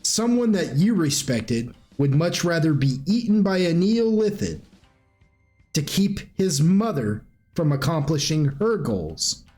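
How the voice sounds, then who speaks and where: A man running a tabletop game as game master, telling the scene in a loose, lively way. His voice is slightly high, and faint music plays behind him. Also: a little slow. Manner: lively storytelling with casual fillers.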